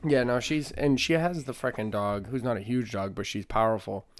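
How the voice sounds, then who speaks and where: A man's voice: medium pitch, normal speed, a little hiss or hum. A man co-hosting a podcast, joking and swearing in casual chat and laughing often. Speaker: podcast co-host.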